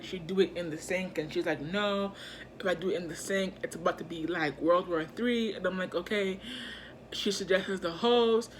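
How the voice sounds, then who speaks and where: Young woman spilling tea, chatty and slangy, kinda bright sharp voice, a bit of hiss behind her. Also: fairly low pitch. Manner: chatty, animated, lots of fillers, slang. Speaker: vlogger. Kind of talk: casual storytime.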